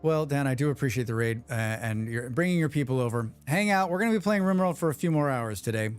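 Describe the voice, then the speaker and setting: A man hosting a live game stream, chatting quickly with viewers and thinking aloud as he plays. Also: mid-range voice, expressive, clean tone, faint music behind. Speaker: livestream game host. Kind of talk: casual live gameplay commentary.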